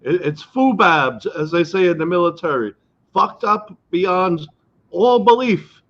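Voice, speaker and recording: A man's voice: high-pitched, lively intonation, a little slow, fairly bright tone, muffled recording. A man chatting as a guest, joking and laughing, with stammered starts. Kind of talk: casual chat.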